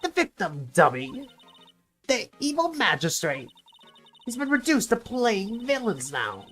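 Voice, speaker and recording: A man with a sore throat voicing a chatty, scolding elderly female security guard in a croaky put-on old-lady voice. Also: high-pitched, huge pitch swings, measured pace, a bit bright, faint music behind, pitched above the performer's own voice, heavily acted. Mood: reminiscing.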